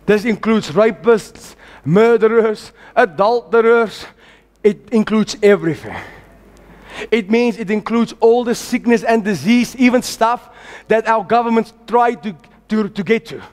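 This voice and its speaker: A man preaching a sermon with fervent, exhorting energy, rising to shouts and calling on the congregation to repeat his words. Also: high voice, a little slow. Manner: calls on the congregation to repeat after him.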